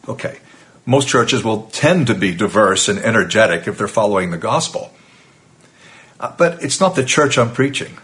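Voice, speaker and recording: A man's voice: medium pitch, fairly bright tone. A man teaches a recorded sermon in a mid-range voice. He is earnest and emphatic, leaning on repetition while staying conversational. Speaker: preacher.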